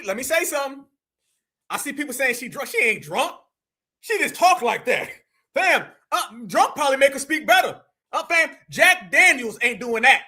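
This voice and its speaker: An American man hosting a live reaction stream, talking in a very high voice that swings widely. His tone is bright and sharp, and his delivery is incredulous, mocking and full of slang. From United States.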